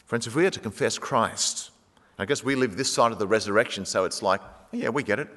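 A man preaching a sermon, animated, acting out the quoted speech of the people in his story. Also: lowish voice, brisk. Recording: long hall reverb.

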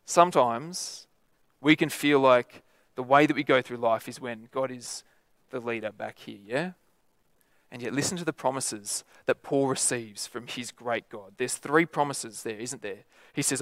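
A man's voice: medium pitch, normal speed, fairly bright tone, no echo, clean studio sound. A man preaching a sermon in a conversational way, often adding tag questions.

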